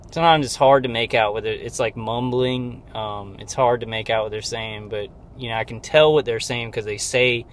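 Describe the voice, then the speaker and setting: A man records a casual personal update while sitting in his car. His voice sits in an ordinary middle pitch, and he speaks haltingly, stopping and restarting his sentences. Faint vehicle noise hums underneath. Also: steady tone. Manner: halting, hesitant, many restarts. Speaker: vlogger.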